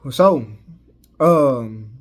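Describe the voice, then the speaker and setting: A man's voice: medium pitch, animated, very slow. A man reviewing a movie in a casual recap, rambling with frequent "you know" fillers and restarts.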